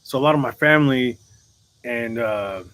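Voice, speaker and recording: A man's voice: mid-range voice, normal speed, a bit bright, rough recording. Man, mild Southern accent, surfer twang, laid-back, joking, casual live chat. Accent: mild Southern US mixed with Californian surfer. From American South. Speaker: co-host.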